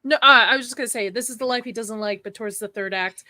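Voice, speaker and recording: A woman's voice: fairly high pitch, fast, bright, forceful tone, dry recording. A woman in a casual movie discussion, blunt and swearing casually.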